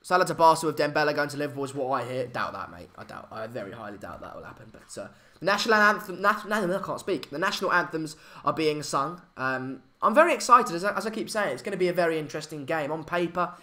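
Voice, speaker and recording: A man's voice: fairly high pitch, big pitch swings, quick pace, hardly any pauses, pushed and bright. A young man, hosting a casual live stream chat, hesitant with many fillers and restarts. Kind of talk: casual live match chat, reading comments.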